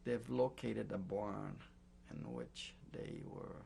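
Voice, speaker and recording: An older man recounting his memories in an oral history interview, speaking in a halting way with many pauses and fillers. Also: fairly low pitch, sing-song, creaky, warm tone, a little hiss or hum. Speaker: Holocaust survivor giving testimony.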